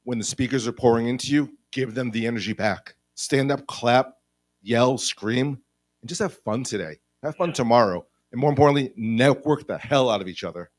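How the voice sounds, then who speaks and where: A man's voice: medium pitch, normal speed. Upbeat male co-host rallying the crowd. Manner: upbeat, encouraging.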